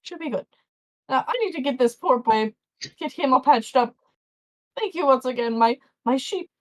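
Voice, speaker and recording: A woman's voice: high-pitched, normal speed, natural voice. A woman voicing a fussy, chatty old male farmer who babbles on. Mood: grateful. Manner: babbling, doting, rambling.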